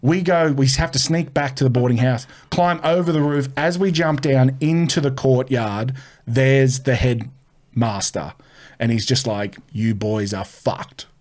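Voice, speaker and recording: A man's voice: medium pitch, fairly even intonation, measured pace, a little mellow. A man telling a rowdy story on a comedy podcast, swearing freely and dropping his voice to quote people. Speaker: comedian guest. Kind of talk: casual storytelling.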